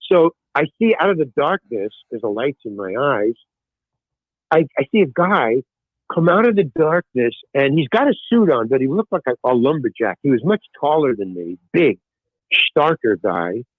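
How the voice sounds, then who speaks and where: Animated older man, tinny phone-like sound. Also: mid-range voice, moderate pace, no room sound. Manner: animated anecdote-telling, frequent restarts. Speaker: podcast guest. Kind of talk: storytelling in casual chat.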